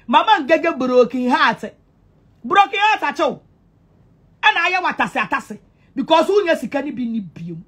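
High-voiced, mocking Ghanaian woman. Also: very animated, moderate pace, husky. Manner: mocking, repetitive and sing-song, with loud outbursts. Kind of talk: taunting monologue to camera.

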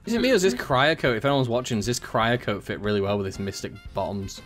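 A young man hosting a gaming video, chatting casually with friends, excitable, swearing and laughing often. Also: mid-range voice, quick pace. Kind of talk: casual gameplay chat with friends. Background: game music.

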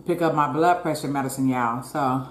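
A woman hosts a mukbang, chatting folksily with viewers and murmuring "mm" as she chews between bites. Her bass voice holds a fairly even intonation at normal speed. The roomy recording has faint ambience and a little hiss or hum.

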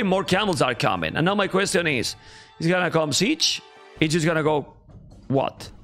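An excitable young man with a Spanish accent calls a strategy game match live, his pitch jumping all over the place. His voice sits a little high and carries a gravelly edge. Faint music plays under his commentary. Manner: excitable, reacts loudly to viewers. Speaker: esports caster.

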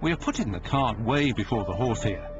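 A man voicing a news editor's emails in a documentary, in a measured, matter-of-fact way. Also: mid-range voice, animated, music in the background, close to an everyday voice. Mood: curt. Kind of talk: reading quoted emails. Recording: slightly dull documentary audio.

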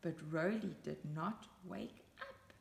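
A woman reading a picture book aloud to young children, with lively asides pointing things out on the page. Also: fairly low pitch, slow, vocal fry, echoey room. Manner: animated, chatty asides to young listeners. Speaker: storybook reader. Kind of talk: children's story read-aloud.

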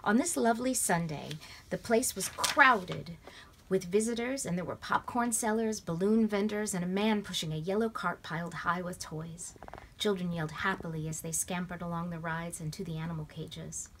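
Expressive female storybook reader, lowish voice. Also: normal speed, a little hiss or hum. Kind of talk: reading a children's novel aloud. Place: at home in bed.

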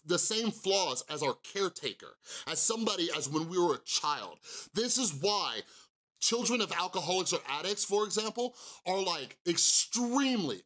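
A man's voice: fairly high pitch, fairly bright tone. A young man talking casually to camera about relationships, rambling with many fillers and restarts. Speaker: mental health YouTuber.

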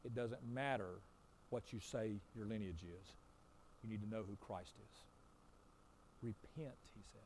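A man preaching a sermon as pastor, swinging between loud emphatic repeated lines and quiet low asides. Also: a little slow, long pauses, a little hiss or hum.

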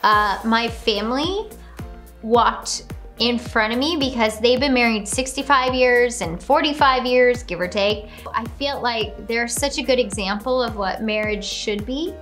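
A woman's voice: on the high side, measured pace, a bit bright, soft background music. A woman casually reacting to her own video, gushing and bubbly, often gasping and laughing.

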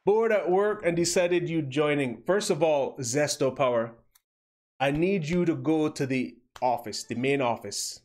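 A young man streaming a mobile game and bantering with his viewers, joking and teasing as he plays. His voice sits fairly high for a man, and he takes his time, drawing out his words at an unhurried pace. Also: darkish tone. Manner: playful, teasing banter with chat. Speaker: livestream host. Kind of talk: casual gameplay commentary.

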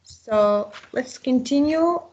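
A woman with an Azerbaijani accent, an English teacher slowly explaining a recorded lesson, with an occasional slip. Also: sits high, expressive, a little mellow, breathy edge, highs cut off. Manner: slow, deliberate explaining with occasional slips.

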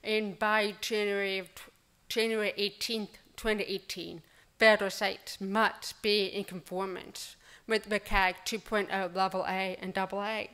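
Casting note: woman of mid pitch, upbeat and chatty presenter, polls the room. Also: flat delivery, measured pace, fairly bright tone, clean tone. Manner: upbeat, enthusiastic, conversational. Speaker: conference speaker. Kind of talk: conference presentation. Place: conference hall. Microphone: speaker microphone.

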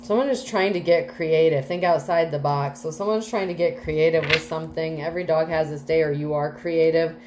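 A woman's voice: deep voice, steady tone, fairly quick, hardly any pauses, a little mellow, slight background noise, rough recording. A woman doing a casual tarot reading, chatty and full of fillers, with some casual swearing. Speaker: tarot reader.

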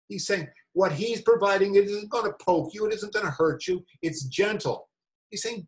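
Male meditation teacher, somewhat high voice, animated and incredulous, rambling asides. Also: normal speed, low-quality recording. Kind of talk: reading and commentary on a spiritual talk.

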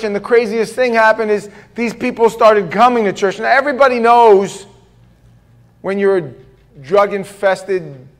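A pastor preaches to his congregation in a church, a man with a voice pitched a bit above most men. He tells his stories with lively energy and often jokes at his own expense. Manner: animated storytelling with self-deprecating jokes. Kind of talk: sermon. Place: church sanctuary.

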